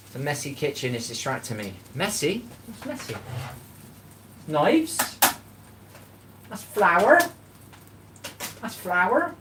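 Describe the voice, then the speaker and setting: A man with a mid-range, fairly bright voice hosts a casual live cooking stream, sitting on a chair in his own kitchen, with a little hiss or hum audible. He rambles, says hello to viewers by name, and swears without restraint.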